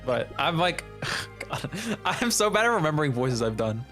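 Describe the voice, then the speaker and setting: A game streamer chatting casually and excitedly, rambling and laughing between lines of play. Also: mid-range voice, normal speed, soft background music. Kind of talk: casual let's-play commentary.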